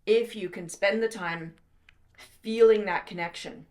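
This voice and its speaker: A woman's voice: medium pitch, measured pace, darkish tone. Woman coaching trumpet technique. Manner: encouraging, demonstrative, coaching with breath cues. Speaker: trumpet teacher. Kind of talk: instructional video talk.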